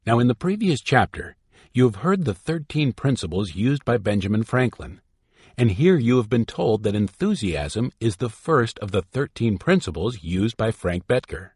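A man's voice: mid-range voice, big pitch swings, moderate pace, darkish tone, slightly rough, no room sound, clean studio sound. A man reading a self-help book aloud in an emphatic, instructive way. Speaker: audiobook reader. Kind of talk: scripted self-help narration.

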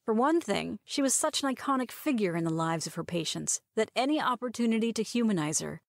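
A woman reading a romantic short story aloud as narrator, in a measured storytelling manner. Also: medium pitch, lively intonation, vocal fry, no room sound, clean studio sound. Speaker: audiobook reader.

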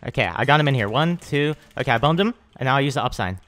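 A young man hosting a gaming channel, giving excitable live commentary on his own play and hyping every win with slang. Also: medium pitch, racing, few pauses.

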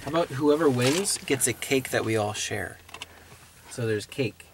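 A man's voice: mid-range voice, expressive, measured pace, distant mic. Easygoing guy joking around before a movie, noisy recording. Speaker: co-host of a movie review chat. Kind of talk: casual chat.

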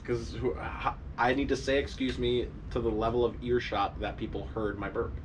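A man's voice: mid-range voice, level tone, moderate pace, noisy background. A man co-hosting a podcast, chatting casually and explaining word meanings in an easygoing way. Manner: easygoing, explains words, chuckles. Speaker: podcast co-host. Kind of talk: casual chat.

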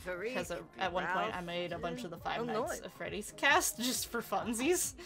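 A young woman casually commenting on her life-simulation game, chatty and giggly, often laughing and calling out loudly at what happens on screen. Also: fairly low pitch, animated, moderate pace. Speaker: gameplay commentator. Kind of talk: casual let's-play commentary.

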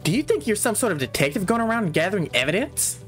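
A man's voice: high-pitched, sing-song, fast talker, a bit bright, soft background music. A man hosting a gaming channel, reading a game's character lines aloud and breaking off to comment and laugh. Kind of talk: reading game dialogue aloud with reactions.

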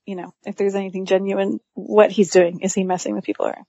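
A woman who is a guest on a casual movie podcast, agreeable and quick to affirm what others say. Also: mid-range voice, little pitch movement, creaky, mellow, no room sound, muffled recording. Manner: agreeable, lots of affirming interjections.

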